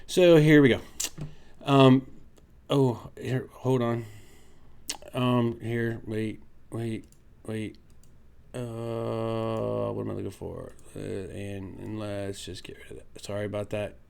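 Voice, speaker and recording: A man's voice: lowish voice, flat delivery, slow pace, vocal fry, a little mellow, clear, resonant tone. Sarcastic ranting male vlogger. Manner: emphatic, argumentative. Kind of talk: opinion commentary vlog.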